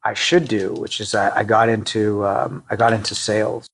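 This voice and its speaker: A man's voice: fairly low pitch, flat delivery. A middle-aged man from the Boston area, a company CEO, talking casually in an interview, with frequent restarts and fillers. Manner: halting, many restarts and fillers, self-deprecating.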